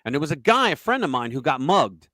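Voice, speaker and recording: A man's voice: on the high side, very animated, quick pace, bright, forceful tone, no echo. A man hosting a casual political talk livestream, rambling through stories bluntly and with profanity. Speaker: host.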